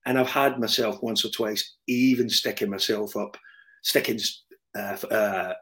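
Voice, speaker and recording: A man's voice: on the low side, steady tone, measured pace, fairly bright tone. A man with a Glaswegian Scottish accent tinged with English, a podcast guest talking in a hesitant, self-deprecating way, full of ums and restarts. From Glasgow, Scotland. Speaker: supporters club member, podcast guest. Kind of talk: casual podcast chat.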